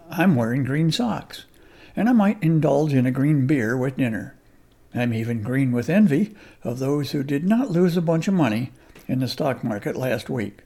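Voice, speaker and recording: Folksy man with a mellow voice. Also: a little high, creaky, husky. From United States. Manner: folksy, wry and conversational. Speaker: radio commentary host. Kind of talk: scripted radio commentary.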